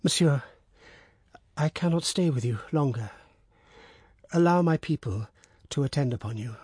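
A man voicing a terrified noblewoman and mother in a storybook reading, crying out in high, pleading tones. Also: animated, normal speed, darkish tone, breathy edge, no echo, studio quality. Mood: desperate.

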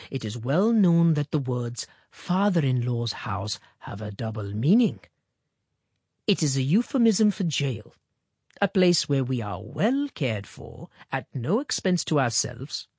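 Expressive woman reading a story aloud. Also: very deep voice, breathy edge, no room sound, clean studio sound. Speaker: audiobook reader. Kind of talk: scripted narration of a short story.

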